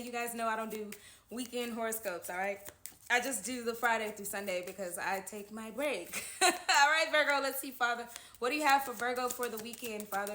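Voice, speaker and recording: A woman's voice: on the high side, pushed and bright. A woman giving a casual tarot horoscope reading, chatty and reassuring, often checking in with "okay?". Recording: echoey room.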